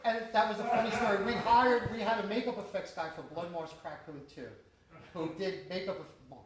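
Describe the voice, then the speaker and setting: Fast-talking New filmmaker, distant echo. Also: male voice, sits high. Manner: profane, laughing, animated storyteller. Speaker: independent filmmaker answering audience questions. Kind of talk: casual storytelling Q&A. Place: small cinema screening room with an audience. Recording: echoey room from far off, audience chatter.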